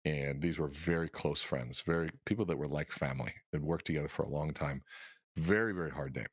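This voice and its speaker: Fast-talking deep-voiced man telling stories. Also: breathy edge, no room sound. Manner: animated, acts out dialogue in his stories. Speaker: podcast guest. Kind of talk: casual storytelling.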